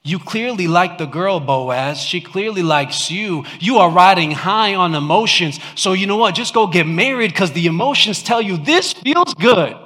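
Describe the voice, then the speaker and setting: A male pastor preaching a sermon in a church, talking conversationally with the congregation and swinging between loud mock-shouting and hushed earnest lines. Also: high voice, animated, moderate pace, few pauses. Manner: conversational, asks the congregation questions. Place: church sanctuary. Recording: long hall reverb.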